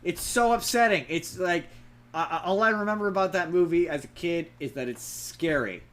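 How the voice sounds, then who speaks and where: A young man casually reviewing a movie on a podcast, rambling and animated, acting out quotes in silly voices. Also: on the high side, normal speed. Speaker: podcast co-host.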